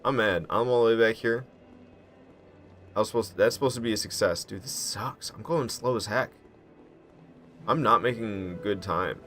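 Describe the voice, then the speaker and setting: Excitable man talking over gameplay. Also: deep voice. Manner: excitable, self-mocking, slangy. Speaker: gaming commentator. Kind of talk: casual gameplay commentary.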